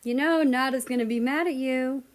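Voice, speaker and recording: A woman reading aloud voices a playful young man who teases the people around him. He talks in a light, upbeat way, a touch higher than the storyteller's own voice. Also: moderate pace, natural voice.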